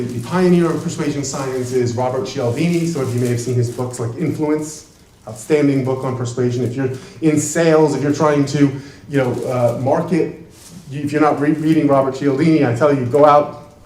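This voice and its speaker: A man who is a trial lawyer, giving an emphatic talk to an audience in a large room, heard from a distant mic. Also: mid-range voice. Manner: emphatic and animated, with quick bursts. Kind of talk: presentation to an audience. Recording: echoey room, voice from far off.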